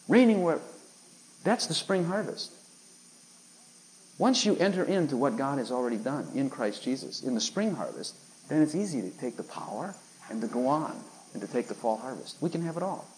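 A man's voice: medium pitch, expressive, moderate pace, a little mellow, rough recording. A man preaching a sermon, emphatic and full of rhetorical questions aimed at his listeners.

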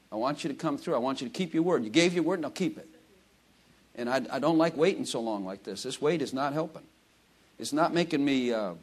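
Animated preacher man, high and lively. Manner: animated, rhetorical questions to the congregation, acts out prayers. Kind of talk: conversational sermon.

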